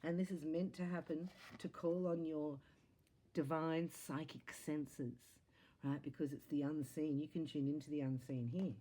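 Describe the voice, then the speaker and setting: Low, mellow woman reading tarot. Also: unhurried. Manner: animated, sing-song delivery with big swings in pitch and loudness; earnest, encouraging spiritual talk. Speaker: psychic tarot reader.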